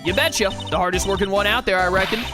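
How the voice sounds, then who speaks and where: A woman's voice: mid-range voice, fast, over music, natural voice. A woman voicing a pushy, chummy Southern woman photographer in a video game, with a folksy put-on twang.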